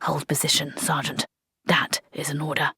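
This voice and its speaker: A woman voicing a calm, precise young male lieutenant giving clipped orders. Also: fairly high pitch, brisk, dry recording, clean studio sound, pitched above the performer's own voice, lightly acted. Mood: quiet orders.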